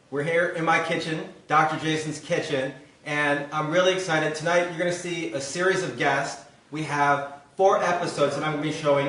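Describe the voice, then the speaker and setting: Chatty guy hosting a cooking show, kinda high voice, echoey kitchen, mic far away. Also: a bit bright. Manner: upbeat, chatty, lots of fillers. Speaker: host. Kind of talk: casual cooking show chat. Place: home kitchen with live audience.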